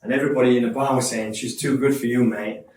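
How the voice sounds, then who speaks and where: A man's voice: mid-range voice, fairly even intonation, a little mellow. A man speaks earnestly and openly, often restarting his phrases. He sounds set back from the microphone in a roomy, echoing space with a faint hiss behind him. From Yorkshire, England. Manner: candid, earnest, quick restarts and repeats. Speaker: speaker sharing his life story. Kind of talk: personal testimony talk. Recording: echoey room from a distance.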